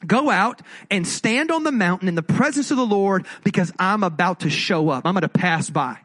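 A man's voice: high-pitched, animated, normal speed, fairly bright tone, no room sound, voice pushed down. A man voicing an exasperated, sarcastic male deity, talking in a dry and blunt way.

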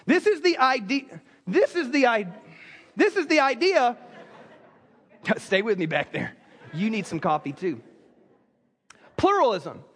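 A man's voice: very high voice, sing-song, a little slow, pauses often, a bit bright, husky. A man from South Carolina, preaching a sermon to a church congregation with humorous storytelling. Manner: humorous storytelling, acts out quotes. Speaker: pastor. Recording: long reverb of a large hall.

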